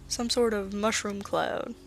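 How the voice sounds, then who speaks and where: A woman voicing a wary adult male patient taking an inkblot test, in a slightly gravelly voice. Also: medium pitch, a little slow, faint music behind.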